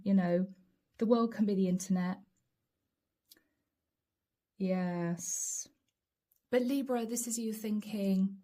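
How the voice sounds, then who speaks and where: A woman's voice: on the high side, measured pace, long pauses, warm tone. A woman giving a chatty, laughing tarot reading with relatable asides. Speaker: tarot reader. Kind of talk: channeled tarot reading to camera.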